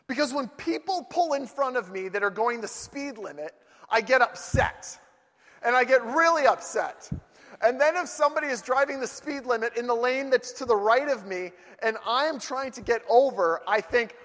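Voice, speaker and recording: A man preaching a sermon to a group in a church hall, telling lively stories and acting out voices and outbursts. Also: extremely high pitch, normal speed. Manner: animated storytelling, acts out voices and outbursts. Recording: long hall reverb.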